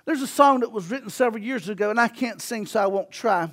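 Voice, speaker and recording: A pastor in his forties with a strikingly high voice, preaching with emphasis. He builds his lines into shouts and drives each point home. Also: fast talker. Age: 40s. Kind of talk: sermon.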